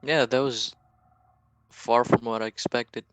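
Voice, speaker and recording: A man playing a tabletop game who talks haltingly, stumbling and restarting his words. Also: medium pitch, steady tone, no echo, faint music behind, poor audio. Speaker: player. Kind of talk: casual tabletop game chat.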